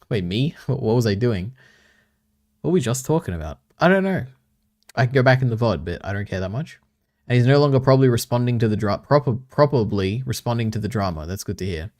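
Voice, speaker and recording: A man with a fairly low voice chats on a livestream in a loose, casual way. He reads viewer messages aloud and answers them with easy chuckles. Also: a little mellow. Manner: reads chat aloud and banters back, chuckling often. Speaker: streamer.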